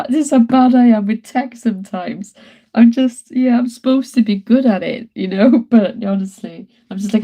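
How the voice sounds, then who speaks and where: A woman's voice: medium pitch, mellow, rough recording. A woman in her thirties, an artist chatting casually on a live stream, laughing often and greeting viewers as she works in her studio. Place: home art studio.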